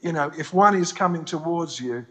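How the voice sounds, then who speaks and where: A man's voice: fairly high pitch, expressive, normal speed. A man as an interview guest speaking over a video call, chatting in a self-deprecating, joking way that turns earnest. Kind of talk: casual conversation. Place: home in the US, remote link.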